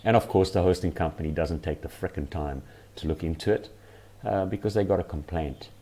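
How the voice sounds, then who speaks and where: A man's voice: sits low, brisk, dark tone, breathy edge. A man hosting a channel, giving rambling, exasperated casual commentary. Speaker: channel host.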